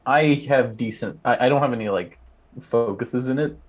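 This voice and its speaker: A man playing a tabletop game, making deadpan jokes and asking about rolls. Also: medium pitch, moderate pace, faint music behind. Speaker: player.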